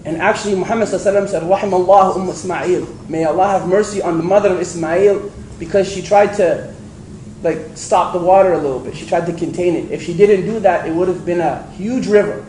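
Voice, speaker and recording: A man giving a storytelling religious lecture to an audience, animated and acting out the voices he quotes. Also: sits high, quick pace. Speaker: preacher. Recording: echoey hall with faint ambient noise.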